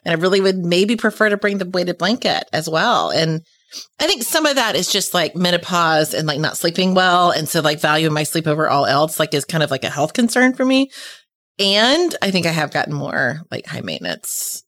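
A woman's voice: fairly low pitch, animated, moderate pace, fairly bright tone. A woman in her forties co-hosting a casual chat, talking loosely with many fillers and laughing easily. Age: 40s.

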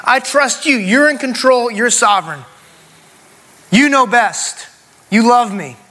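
A middle-aged male pastor with a very high, bright and forceful voice preaches a sermon. He drives his points home through emphatic repetition and calls for responses from the congregation.

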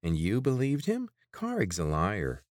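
A man's voice: on the low side, wildly swooping pitch, measured pace, no echo, studio quality, voice pushed up. A man voicing a timid, whining male city guard with a nasal voice in an audiobook. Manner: whining, anxious. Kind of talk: audiobook character voice.

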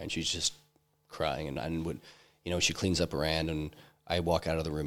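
Deep-voiced man telling a personal story. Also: fairly even intonation, fairly bright tone. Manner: halting, many restarts and fillers. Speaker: interview guest, entrepreneur.

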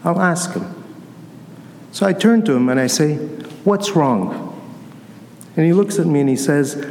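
A man's voice: fairly high pitch, animated, a little slow, long pauses, a little mellow, a little hiss or hum. A man giving a Sunday homily, telling a personal story in a conversational way and acting out the dialogue. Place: church. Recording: echoey church with long reverb, faint ambience.

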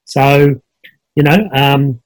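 Drawing out his words in a medium-pitched voice, this middle-aged Australian guest coach talks casually on a video call, heard in a dry recording. He's a relaxed storyteller who uses lots of fillers.

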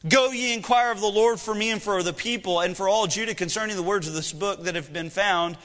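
A man's voice: sits high, a little fast, a bit bright, long reverb tail. A man in his thirties preaching a sermon, mixing scripture reading with joking family stories and rhetorical questions. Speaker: pastor.

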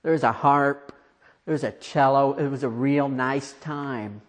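A man preaching a conversational, storytelling sermon, asking his listeners questions and dropping quiet for emphasis. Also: mid-range voice, steady tone, slow.

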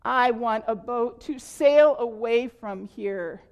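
A woman's voice: a little high, takes it slowly, pitched above the performer's own voice. A woman reading aloud and voicing a boy in a storybook who keeps asking for things, plain and matter-of-fact. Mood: wanting. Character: boy growing from child to tired old man.

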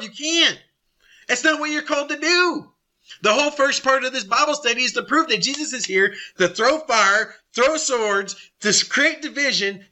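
A middle-aged man leading a Bible study, blunt and confrontational, with quick asides to his group. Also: extremely high pitch, sharp tone. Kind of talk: forceful Bible study teaching.

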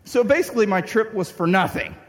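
Animated man preaching in a reverberant hall. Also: high voice, a little fast. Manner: animated, acts out his own anger with shouts. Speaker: pastor. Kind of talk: storytelling sermon.

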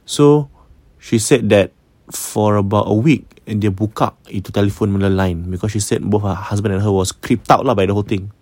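Chatty Malaysian man with a low voice. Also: fairly quick, a little mellow, dry recording. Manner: chatty, mixing English and Malay; repeats words and stammers. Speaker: podcast host. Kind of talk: storytelling podcast.

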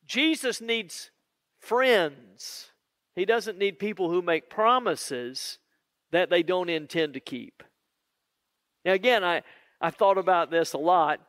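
A man preaching a sermon in an earnest, conversational way, with drawn-out pauses. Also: sits high, a bit bright, dry recording, studio quality.

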